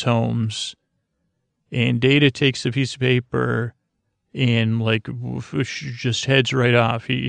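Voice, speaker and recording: A man's voice: mid-range voice, gravelly, dry recording. A man hosting a podcast, giving a sleepy, rambling recap of an episode with many fillers. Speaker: podcast host.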